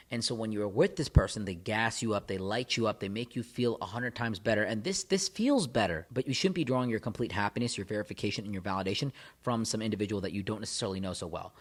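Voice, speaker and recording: A man giving relationship advice to camera as a coach, speaking emphatically, repeating phrases and building intensity. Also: fairly low pitch. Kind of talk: direct-to-camera advice talk.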